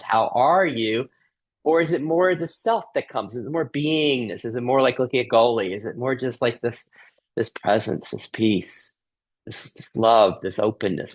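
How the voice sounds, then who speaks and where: A man leading a group workshop on a video call, asking gentle repeated questions and inviting everyone to join in. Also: medium pitch, moderate pace, low-quality recording. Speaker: workshop leader.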